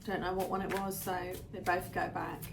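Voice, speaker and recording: A woman's voice: lowish voice, little pitch movement, a little fast, gravelly, background noise. A woman giving a casual tarot reading to her viewers, chatty and rambling, often drifting into little asides. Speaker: tarot reader.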